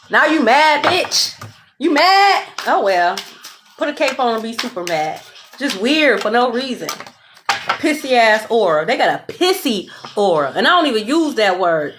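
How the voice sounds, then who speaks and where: Woman tarot reader, high voice, sassy and profane, faint hiss behind. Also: moderate pace. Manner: blunt, profane, sassy and animated; repeats "okay?" often. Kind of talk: casual tarot reading.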